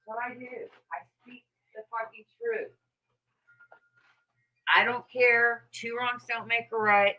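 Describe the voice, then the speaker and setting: A woman's voice: a little high, little pitch movement, slow pace, pauses often, pushed and bright, muffled recording. A woman hosting a casual livestream, ranting in a mocking, profane way and laughing often. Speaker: livestream host.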